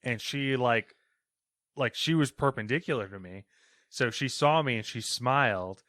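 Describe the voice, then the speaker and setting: A man's voice: medium pitch, a little slow, fairly bright tone, no echo. Rambling casual man, dry sound. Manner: rambling storyteller, many fillers. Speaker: podcast co-host reading news. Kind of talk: casual chat.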